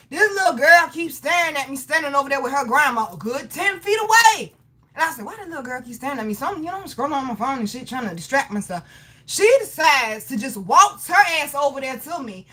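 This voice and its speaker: A young woman tells a story in casual talk to her followers. Her voice sits high and rings bright, and she swears and hits every word hard. She laughs often as she talks. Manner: animated, profane, emphatic storytelling with frequent laughter. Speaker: livestream host.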